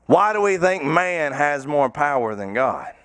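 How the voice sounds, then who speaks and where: A man preaching a sermon as pastor in a church, fervent and folksy, sometimes breaking into shouts. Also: a little high, big pitch swings, unhurried, clear, resonant tone. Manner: colloquial, folksy phrasing. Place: church sanctuary.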